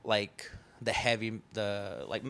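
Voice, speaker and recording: A man's voice: fairly low pitch, level tone, takes it slowly, gravelly, a bit bright, clear, resonant tone. A young man, a festival founder, talking casually on a podcast in a rambling way full of fillers and the odd swear.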